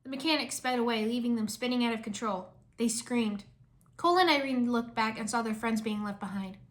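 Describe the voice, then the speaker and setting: A woman reading a fan fiction story aloud in a lively storytelling manner. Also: fairly high pitch, a little fast.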